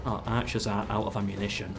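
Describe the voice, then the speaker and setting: Low-voiced man streaming a strategy game. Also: little pitch movement, quick pace. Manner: chatty, gives orders to troops, talks to chat. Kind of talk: live game stream commentary. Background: game music.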